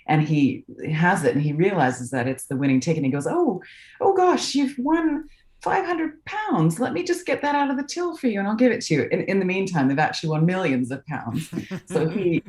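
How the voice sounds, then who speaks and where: A woman's voice: extremely low pitch, a little mellow, reverberant. A woman voice actress chatting in an interview from England, thoughtful and encouraging, with frequent "um" and "you know". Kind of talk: casual video-call interview. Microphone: video call.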